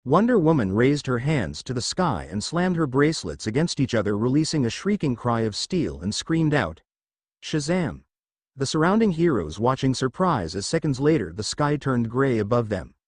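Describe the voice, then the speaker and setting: Lively male storyteller, dry sound. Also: medium pitch, moderate pace, hardly any pauses, no room sound. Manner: dramatic storytelling. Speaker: narrator. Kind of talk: fan-fiction story narration. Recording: dry close recording.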